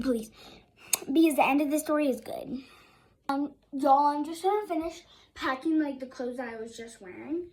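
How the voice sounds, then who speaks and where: A woman's voice: sits high, rough recording. A young girl rambling casually to her viewers in a chatty vlog, often calling them "y'all". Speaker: vlogger.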